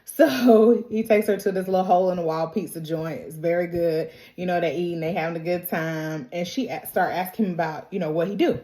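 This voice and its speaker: Speaking a little fast with few pauses, a woman with a lowish, mellow voice recaps a TV episode. Her style is slangy and chatty, and she laughs frequently while acting out what the characters said.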